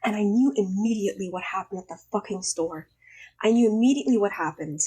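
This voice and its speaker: A young woman chatting to camera in a casual vlog, telling a story with plenty of emphasis and cursing. Her voice is husky and still a bit hoarse from a recent illness. She sits at a middling pitch for a woman. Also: fast talker. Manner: emphatic, swearing, animated storytelling. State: slightly hoarse after illness. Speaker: vlogger.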